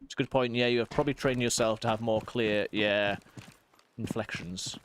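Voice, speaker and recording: Man, 30s, northeast English accent, low voice, casual streamer chat, rambling asides, faint hiss. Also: fairly even intonation. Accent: northeast English, softened. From northeast England. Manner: rambling, self-interrupting, quick asides. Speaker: streamer and vicar.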